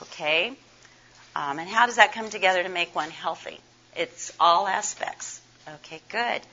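An older woman speaks to a conference audience in a bright, forward voice, hoarse and scratchy from laryngitis. She is chatty and folksy and puts questions to the room. The recording is dull and lo-fi. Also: lowish voice, unhurried. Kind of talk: conference presentation.

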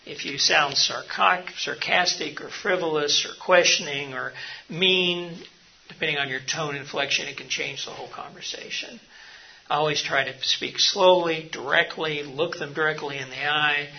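A man's voice: a little high, dull audio. A middle-aged man teaching a seminar session, earnest and anecdotal, with frequent fillers. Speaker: mission hospital leader teaching a session. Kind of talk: seminar talk.

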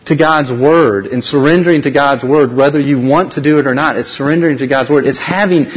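A man speaking at a conference, telling a personal faith story with lively acted dialogue and frequent restarts. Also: medium pitch, fairly quick. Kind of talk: personal testimony talk. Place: large conference hall. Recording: dull recording in a reverberant hall.

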